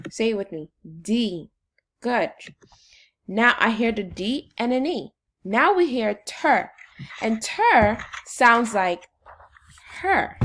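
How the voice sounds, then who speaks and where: A woman teacher leading a phonics lesson for children, slowly and encouragingly sounding out syllables. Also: fairly high pitch.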